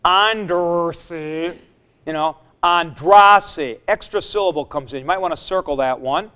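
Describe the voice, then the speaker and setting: A man's voice: fairly high pitch, normal speed, sharp tone. A man teaching a Greek grammar class, explaining patiently, repeating his points and reciting word forms. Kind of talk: classroom lecture.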